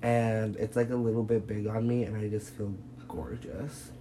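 A man's voice: on the low side, level tone, normal speed, dark tone, a little hiss or hum. A young man vlogging in casual chat, giggly and full of fillers. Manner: giggly, filler-heavy talk.

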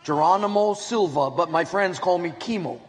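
A man's voice: high voice, moderate pace, heavy background noise, close to an everyday voice. A man playing a flustered, stammering young seminary student who is smitten. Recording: echoey hall with long reverb.

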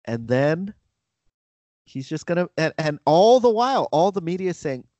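Animated man in casual sports chat. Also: fairly high pitch, moderate pace, dry recording, highs cut off. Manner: animated, acts out quotes in mock voices. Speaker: podcast co-host.

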